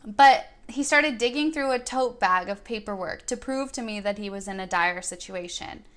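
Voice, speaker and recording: Bright-voiced young woman telling a story. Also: medium pitch, moderate pace. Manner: earnest and thoughtful, quoting herself in dialogue. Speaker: vlogger. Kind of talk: reflective first-person storytelling.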